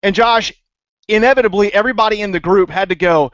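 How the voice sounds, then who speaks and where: Playful high-pitched man, eager chatter, dry muffled recording. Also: animated, moderate pace, a bit bright, no echo. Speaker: podcast co-host. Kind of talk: casual book discussion.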